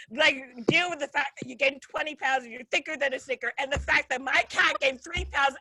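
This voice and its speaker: Bright high-voiced woman doing stand-up. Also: no echo, low-quality recording. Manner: profane, laughs at own jokes. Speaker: stand-up comedian. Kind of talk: stand-up comedy set.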